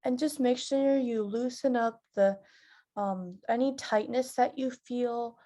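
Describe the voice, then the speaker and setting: Woman teaching theatre warm-ups, higher voice. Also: takes it slowly. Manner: instructive, filler-heavy, with loud vocal demonstrations. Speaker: drama teacher. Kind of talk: leading theatre warm-up exercises.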